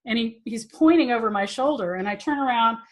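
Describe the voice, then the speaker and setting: A woman's voice: on the high side, fairly quick. Chatty self-mocking woman teacher. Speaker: tantra teacher hosting a live Q&A. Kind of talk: casual storytelling to a live audience.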